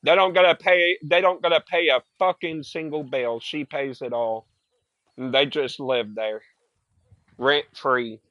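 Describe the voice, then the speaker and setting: A young man chatting while he plays a game. His voice sits a touch high, and he rambles through profane stories full of filler words. The sound is close and dry, with no room echo. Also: steady tone, a little slow, dull audio. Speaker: gaming streamer. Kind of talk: casual chat while gaming.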